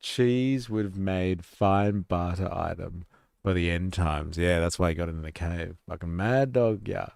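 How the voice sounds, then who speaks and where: Australian male streamer, deep and gravelly, relaxed swearing commentary, dry close sound. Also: a little slow, dry recording. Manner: relaxed, swearing, reacting to clips with laughs. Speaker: live stream host. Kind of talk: casual live-stream commentary.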